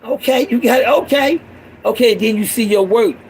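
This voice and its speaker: A middle-aged man, a father speaking to other fathers, delivering an impassioned street-sermon monologue that repeats itself and swings between raised urging and a low growl. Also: normal speed, darkish tone, a little hiss or hum, rough recording.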